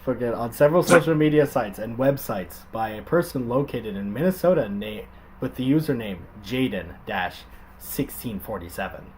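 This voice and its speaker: A man's voice: medium pitch, animated, moderate pace, darkish tone, slight background noise. A man hosting a casual chat, reading stories aloud with frequent laughs and swearing. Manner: laughs often, swears, jokey. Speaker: host.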